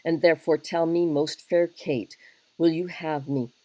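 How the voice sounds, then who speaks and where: Brief: a woman voicing a soldierly young king who woos plainly, low voice, dry close sound. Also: fairly even intonation, measured pace, darkish tone, no room sound, rough recording. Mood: ardent. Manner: earnest, plain-spoken wooing. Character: young English king, blunt soldierly wooer. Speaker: teacher reading a play aloud. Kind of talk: dramatic reading of a play.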